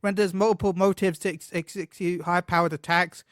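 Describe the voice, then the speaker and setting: A man co-hosting a casual gaming podcast, excitable and quick to laugh, often tripping over his words. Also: high voice, dry recording, clean studio sound. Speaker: podcast co-host.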